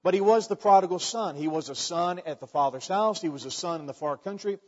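Folksy male preacher, higher-pitched voice, dull muffled recording in a big echoing hall. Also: brisk. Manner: folksy storytelling with frequent restarts. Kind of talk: sermon.

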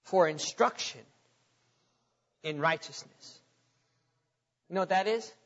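A man's voice: high voice, slow, a bit bright. A man preaching a sermon in a church, emphatic and repetitive, firing off rhetorical questions to the congregation. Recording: echoey hall, dull lo-fi sound.

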